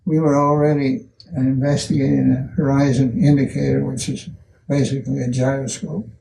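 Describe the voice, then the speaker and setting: An older man in an interview, telling stories from his career slowly, with many restarts and pauses. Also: mid-range voice, level tone, vocal fry, mellow, far from the mic, a little hiss or hum, rough recording. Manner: slow, halting storyteller with many restarts. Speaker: value engineering pioneer. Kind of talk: recollecting in an interview.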